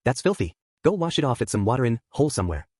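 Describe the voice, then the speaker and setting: A man voicing a brash, proud young man with a rough, blunt way of talking, in an audiobook. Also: medium pitch, big pitch swings, rapid-fire, darkish tone, no room sound, clean studio sound. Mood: gruff. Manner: rough, blunt, clipped slang. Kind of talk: audiobook character voice.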